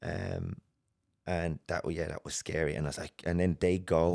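An Irish man telling a personal story as a podcast guest, earnest and halting, with many restarts. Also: sits low, steady tone, gravelly, a little mellow. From Ireland.

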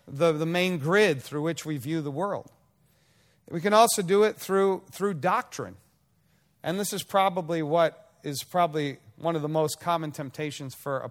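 A man preaching a sermon as pastor, speaking in a conversational way with frequent restarts and playful acted-out asides. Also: on the high side.

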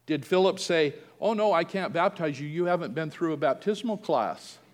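A man's voice: fairly high pitch, lively intonation, moderate pace, big-room sound. A man preaching a sermon, telling a family story and acting out the quoted voices. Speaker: pastor.

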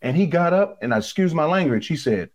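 A man's voice: fairly high pitch, expressive, fairly quick. A man who is a former ballplayer, talking in an emphatic, blunt way, swearing freely in casual sports talk.

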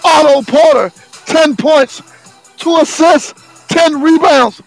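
A man, the show's sports segment host, reading basketball scores and stats in a slow, sing-song way with sudden shouted bursts. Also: extremely high pitch, gravelly, dry recording, faint music behind, poor audio.

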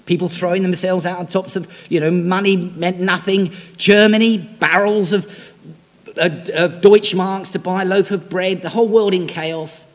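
A man's voice: high voice, fairly even intonation, moderate pace. A man preaching a sermon, talking conversationally and putting direct questions to his congregation. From Britain. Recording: reverberant hall.

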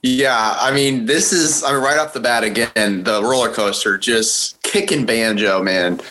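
Bright-voiced rambling male podcast host. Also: medium pitch, unhurried, slight background noise. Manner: relaxed, rambling, many fillers like "you know". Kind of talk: casual music podcast chat.

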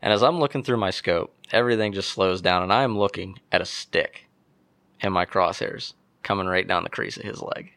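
Young male guest, gravelly low voice, dry close sound, animated storyteller from Pennsylvania. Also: a little fast, no echo. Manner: animated storyteller, acts out quotes. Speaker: podcast guest. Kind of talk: casual storytelling.

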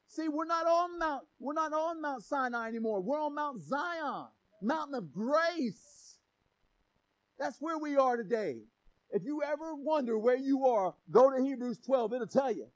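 A male pastor preaching a sermon in an energetic, joking manner, with shouted emphasis on key lines. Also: extremely high pitch, measured pace, rough recording.

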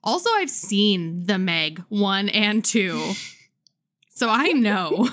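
A woman's voice: mid-range voice, slow pace. A woman in her thirties co-hosting a podcast, chatting casually and telling a story with lots of laughter. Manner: playful, laughing, animated storytelling. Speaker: podcast co-host. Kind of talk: casual chat.

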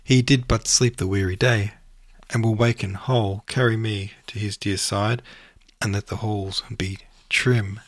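A man voicing a grief-stricken young noblewoman in a recited poem, pleading softly. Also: lowish voice, steady tone, unhurried, no room sound.

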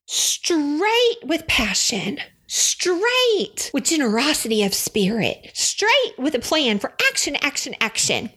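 Texan woman, devotional podcast host, emotional and teary, slow and unhurried delivery with a very lively pitch. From Texas. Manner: emotional, tearful and effusive. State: teary, sniffling. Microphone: studio microphone, seated.

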